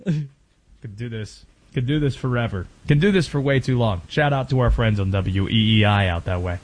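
A man hosting a sports talk radio show, energetic and joking, recorded in a radio studio. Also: mid-range voice, normal speed. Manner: energetic, joking, slips into playful impressions.

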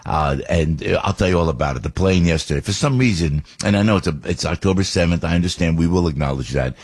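Rambling, husky-voiced radio host man. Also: low-pitched, quick pace. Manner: rambling, animated storytelling with restarts. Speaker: radio talk show host. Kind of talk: casual radio monologue.

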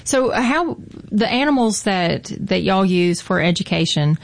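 A woman's voice: medium pitch, expressive, unhurried, gravelly. A woman with a Mississippi Southern accent hosting a radio interview, chatty and folksy. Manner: chatty, folksy, says y'all. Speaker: radio show host.

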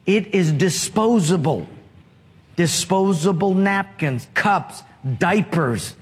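Een dominee die een preek houdt, langzaam en met humor, opgenomen met lange galm in een grote zaal. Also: male voice, high-pitched, animated, takes it slowly, slightly rough. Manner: storytelling, humorous, asks congregation to answer. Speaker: pastor. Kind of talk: sermon. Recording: long hall reverb.

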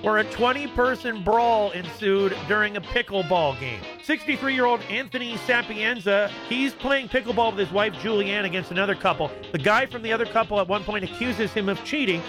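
A man's voice: high voice, a little fast, hardly any pauses. A man hosting a comic radio segment about silly news, wry and mock-serious. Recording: music bed behind voice.

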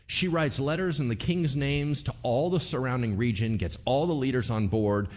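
A man preaching a sermon, telling a Bible story playfully and acting out the characters in quick bits. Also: mid-range voice, a little mellow. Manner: playful, acts out characters with voices and laughs. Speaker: pastor.

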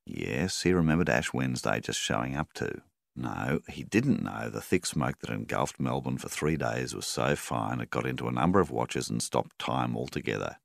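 A man narrating a story in a measured, steady reading style. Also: very deep voice, gravelly, dry recording, clean studio sound. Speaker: audiobook narrator. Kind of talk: scripted narration.

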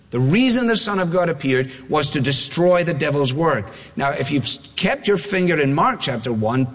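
A man preaching an expository sermon, emphatic and repetitive, slowing down to read scripture quotes aloud. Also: a little high, big-room sound. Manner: emphatic, repeats phrases, slows for scripture quotes.

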